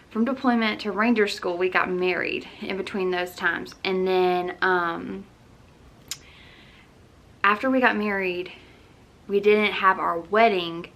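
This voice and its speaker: Young woman, bright voice, casual vlog chat, filler words, home recording, camera mic. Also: lowish voice. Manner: chatty, lots of "um" and "like". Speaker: lifestyle vlogger.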